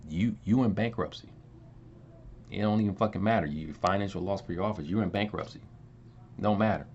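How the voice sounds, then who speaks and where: A man's voice: on the low side, darkish tone. Angry profane man ranting on camera. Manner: heated, profane, repeats himself. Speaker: channel host. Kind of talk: angry video rant. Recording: dull lo-fi sound with faint noise.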